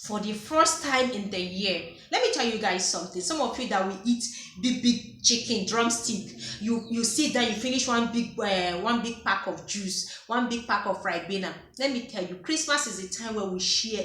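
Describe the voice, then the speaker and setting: Bright, animated Nigerian woman storyteller. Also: mid-range voice, moderate pace. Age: 30s. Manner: animated, laughs often, teasing. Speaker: vlogger. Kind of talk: unscripted personal storytelling. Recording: echoey room.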